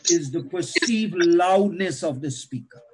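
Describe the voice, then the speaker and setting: A man, himself a pastor, lecturing other pastors on how to preach, with animated teaching that shifts pace and loudness. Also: high voice, a little slow, husky, rough recording.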